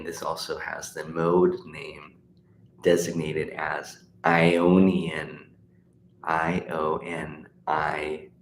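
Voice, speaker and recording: A very deep, creaky voice belongs to a middle-aged man running a livestream guitar lesson. He chats warmly and encourages his viewers, though he often restarts and leans on fillers. The room is echoey, with a little faint noise.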